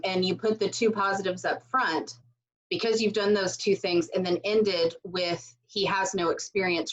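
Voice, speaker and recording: A woman's voice: lowish voice, dull audio. A woman teaching a casual recorded writing lesson from home, speaking loosely with many fillers and asides. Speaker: writing instructor.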